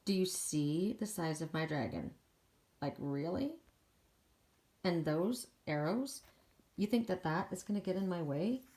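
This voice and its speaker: A self-assured warrior woman who rides a dragon, as a woman speaks for her in an oracle card reading. She scoffs at threats and stays defiant in a lowish voice. She sounds entirely unbothered. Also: expressive, measured pace, pauses often, dark tone. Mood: scoffing.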